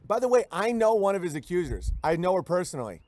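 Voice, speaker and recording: A man's voice: sits high, big pitch swings, fast talker, darkish tone, no echo. Crude, rambling male streamer. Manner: crude, joking, rambling, with frequent restarts. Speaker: livestream host. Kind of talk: rambling live-stream chat.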